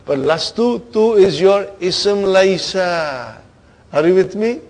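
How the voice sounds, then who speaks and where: A man teaching an Arabic grammar lesson to students, coaxing them along, stretching key words and trailing off softly at the ends of phrases. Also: high voice, animated, takes it slowly, rough recording. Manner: coaxing, keeps asking "are you with me, brother?".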